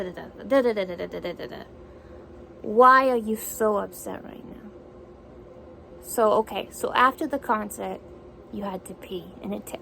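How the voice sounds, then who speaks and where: Woman w a gravelly, fairly high voice, keeps firing questions and repeating answers back, faint noise behind. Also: a bit bright, poor audio. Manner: incredulous, questioning, repeats what she hears. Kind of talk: one-sided conversation, repeating back answers.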